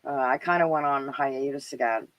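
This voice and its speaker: A woman's voice: extremely low pitch, normal speed, dull audio. A middle-aged Canadian woman with a Canadian accent hosting a live stream, chatting casually and rambling with lots of fillers and laughs. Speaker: livestream show host.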